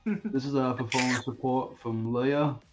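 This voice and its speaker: A man voicing a weary, dutiful veteran male detective in a tabletop game, speaking in a measured, hesitant way. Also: medium pitch, steady tone, over music, natural voice. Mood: matter-of-fact. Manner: measured, hesitant speech with restarts. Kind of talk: tabletop role-play in character.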